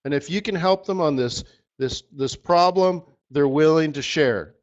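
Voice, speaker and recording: A man leads a live trading strategy session with a fairly high voice. He talks in a rambling, animated pep-talk manner to his audience. The audio is dull and lo-fi, like a muffled web stream. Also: unhurried. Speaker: forex market strategist hosting a live session.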